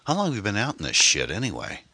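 A man's voice: fairly low pitch, wildly swooping pitch, quick pace, sharp tone, breathy edge, no echo, voice pushed up, full character voice. A man reading a blunt, hungover man. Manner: blunt, curses. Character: hungover man, roused from sleep, gruff.

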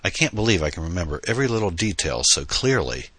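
Very deep-voiced man as an earnest young musician, audiobook character, bright, dry studio sound. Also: sing-song, fast talker, slightly rough, no echo, exaggerated voice. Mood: wistful.

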